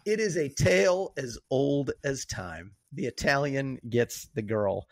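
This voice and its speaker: A man's voice: mid-range voice, expressive, measured pace, dry recording. A man co-hosting a movie podcast in loose, chatty talk that speeds up in bursts. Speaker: podcast co-host. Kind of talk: casual movie chat.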